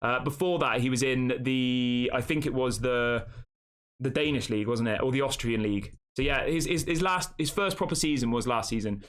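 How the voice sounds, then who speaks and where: Chatty fan show host. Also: male voice, mid-range voice, moderate pace, smooth. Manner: chatty, reads out viewer comments and answers them. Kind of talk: casual live-stream chat.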